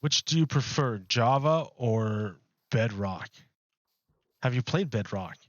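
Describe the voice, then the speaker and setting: A male streamer chats casually on a gaming livestream into a close desk microphone, rambling with lots of fillers and restarts. His mid-range voice is animated yet slow, with no echo and the highs cut off.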